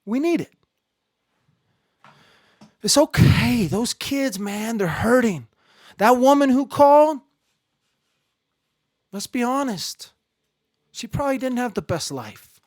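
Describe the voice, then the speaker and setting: A man hosting a casual live stream, rambling and joking, swinging between low muttering and loud outbursts. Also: lively intonation, takes it slowly, pauses often, no echo, clean studio sound. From Ireland.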